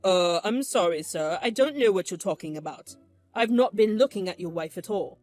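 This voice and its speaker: A woman's voice: mid-range voice, animated, normal speed, darkish tone, soft background music, pitched below the performer's own voice, natural voice. A woman voicing a nervous, polite young male waiter who speaks apologetically. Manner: apologetic, timid.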